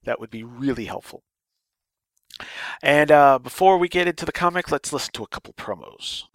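A man hosts his podcast, chatting his way through listener mail with a loose, rambling delivery. His voice has a gravelly, fried texture. The sound is dry and close, with no room around it. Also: fairly high pitch, lively intonation, moderate pace, fairly bright tone, no echo. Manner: rambling, chatty, with fillers and restarts. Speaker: podcast host. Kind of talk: casual podcast chat reading listener mail.

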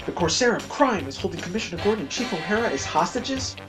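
A man's voice: sits high, big pitch swings, fast talker, music in the background, pitched above the performer's own voice. A man voicing an eager young male sidekick in a comic-book ad, speaking in a raised, questioning way. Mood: alarmed. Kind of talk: comic-book ad read-aloud.

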